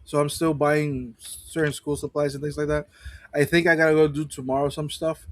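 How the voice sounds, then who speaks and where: A man chatting casually on a gaming podcast, swearing freely and drifting into rambling asides. His voice is a touch high for a man and is recorded dry and close, with no room sound. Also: little pitch movement, normal speed, no room sound. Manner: loose and profane, rambling asides. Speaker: podcast co-host. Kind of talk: casual livestream chat.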